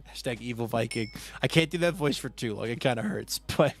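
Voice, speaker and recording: Guy streaming a game, raspy-gravelly voice, chatting away with chat, soft music under it. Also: medium pitch, expressive. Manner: chatty, answers viewer chat with quick asides. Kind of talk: casual live-stream chat while gaming.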